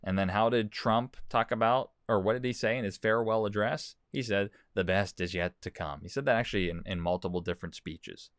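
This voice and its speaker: A man's voice: on the low side, brisk, few pauses, smooth, dry recording, clean studio sound. A man hosting a talk show, giving casual commentary and reading quotes aloud, often repeating words. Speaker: host. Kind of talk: commentary on news and social posts.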